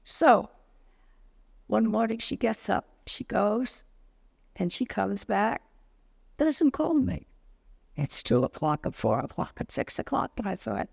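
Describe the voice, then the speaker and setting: This is an older woman speaking in an interview, and her voice carries a heavy, gravelly fry. She tells her memories as lively anecdotes and acts out the lines of the people in them. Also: medium pitch, slow, pauses often. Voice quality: creaky. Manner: lively anecdotal storytelling, acts out quoted dialogue. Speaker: interviewee, retired business owner. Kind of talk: storytelling interview.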